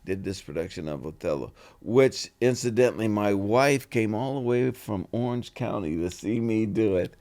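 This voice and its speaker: A man, an actor guest in an interview, telling relaxed anecdotes and acting out the voices of the people in them. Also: on the low side, normal speed, hardly any pauses. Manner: animated, acts out quoted voices in stories; relaxed and conversational, with "you know" fillers.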